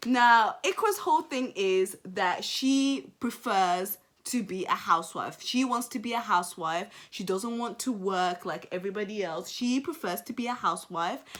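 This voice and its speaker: A young woman giving casual reaction commentary, animated and emphatic, repeating phrases for effect. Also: mid-range voice, normal speed, hardly any pauses. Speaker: commentary vlogger.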